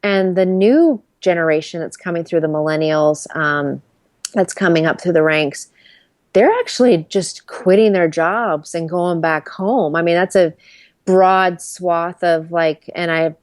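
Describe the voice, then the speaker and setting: Here a thirtysomething career strategist, guesting on an interview, talks a little slowly in a voice on the low side, recorded without any room sound. It's relaxed conversation, and she's frank and lively, performing the lines she quotes as she tells her stories.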